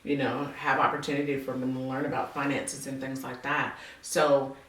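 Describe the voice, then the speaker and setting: Lively woman host, echoey room. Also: moderate pace, distant mic. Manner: animated, playful, acts out quotes with big pitch jumps. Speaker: podcast host. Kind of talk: casual faith-based interview.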